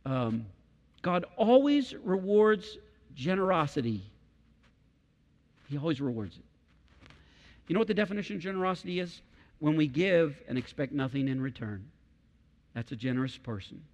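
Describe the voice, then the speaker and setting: A man's voice: on the high side, sing-song, normal speed, pauses often, a little mellow. A middle-aged man preaching a sermon as pastor, emphatic and repeating key phrases for weight. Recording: long hall reverb.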